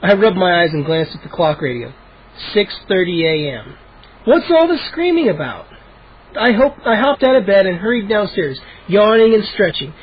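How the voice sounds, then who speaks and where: A man's voice: high-pitched, very animated, moderate pace, breathy edge. A man cold-reading a children's book aloud, with occasional slips and restarts, in a dull lo-fi home recording. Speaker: audiobook reader. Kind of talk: cold-read storybook narration.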